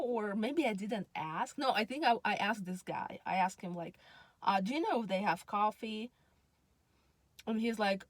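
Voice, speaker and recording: A woman's voice: mid-range voice, animated, unhurried, no room sound. A woman, telling a personal story in a chatty, meandering way full of ums. She sounds tired. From Russia. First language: Russian. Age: 30s. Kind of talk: casual storytelling monologue.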